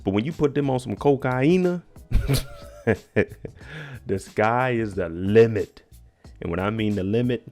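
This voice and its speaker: Gravelly man recapping a TV episode. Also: mid-range voice, a little mellow. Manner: slangy, joking, talks straight to viewers. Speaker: TV recap vlogger. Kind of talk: casual show recap commentary.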